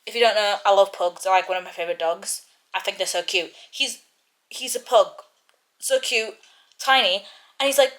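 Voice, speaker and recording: A woman's voice: mid-range voice, a little fast, a bit bright. A young woman, a book vlogger, chatting casually and ranting about what she is reading, with lots of filler words. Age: young adult. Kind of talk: casual chat and reading aloud.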